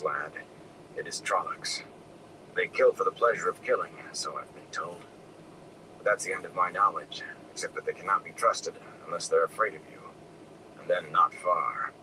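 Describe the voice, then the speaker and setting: A man voicing a wounded, gruff older farmer who speaks in low, weary, hushed tones. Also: natural voice. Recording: distant mic with air conditioning noise.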